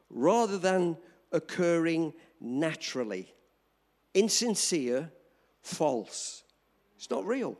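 An older man preaching a storytelling sermon to a live audience, animated and emphatic, speaking directly to the crowd. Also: high-pitched.

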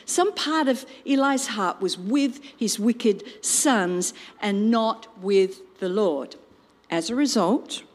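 A woman telling a Bible story in an expressive storytelling style, with personal asides. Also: medium pitch. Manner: slow, animated storytelling with asides. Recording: long reverb.

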